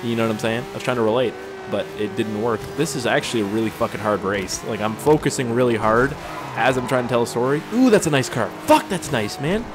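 Game music and revving car engines accompany a man with an animated mid-range voice talking at a quick pace. He's a gameplay commentator offering rambling, crude, joking remarks while racing.

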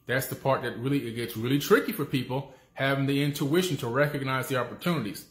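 A man's voice: mid-range voice, quick pace, a bit bright. A man giving a casual, emphatic motivational talk that repeats its key points and keeps asking "okay?". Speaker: motivational speaker. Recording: echoey room.

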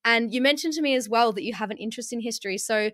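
A woman's voice: on the high side, rapid-fire, fairly bright tone, no echo, clean studio sound. A woman hosting a podcast, chatting casually and enthusiastically, with frequent fillers. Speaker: podcast host.

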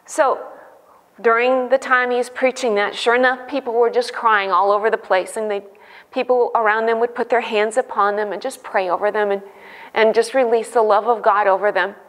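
A woman's voice: on the high side, steady tone, normal speed, in a large hall. A woman giving an earnest devotional teaching, telling a church story with fervor. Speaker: devotional speaker.

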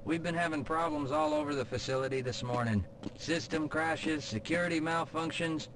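A man's voice: on the high side, moderate pace, very noisy, close to an everyday voice. An actor playing a tired male security guard in a game, complaining in a matter-of-fact way. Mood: weary. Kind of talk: game voice acting.

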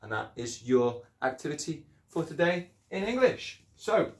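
A man's voice: a little high, very animated, a little slow, echoey room. A man teaching children an English lesson in a chatty, encouraging way, explaining things step by step. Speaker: primary school teacher.

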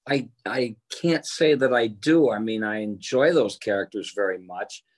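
An older man, a voice actor, answering interview questions over a video call in a relaxed, anecdotal way. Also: fairly low pitch, normal speed. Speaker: voice actor guest.

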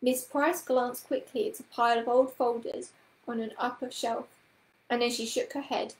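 A woman storyteller reading a children's book aloud with a gentle, expressive manner. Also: a little high, normal speed, reverberant, poor audio.

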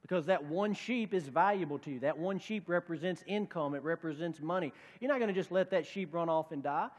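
High-voiced preacher in a reverberant hall. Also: male voice, a little fast. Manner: conversational preaching, acts out quoted voices. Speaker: pastor. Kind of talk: sermon. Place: church sanctuary.

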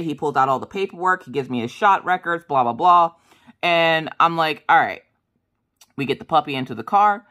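Bright talky woman vlogging, animated, does little voices for the quotes. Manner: chatty, animated, acts out quotes in a high voice. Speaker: crafting vlogger. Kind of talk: casual storytelling chat.

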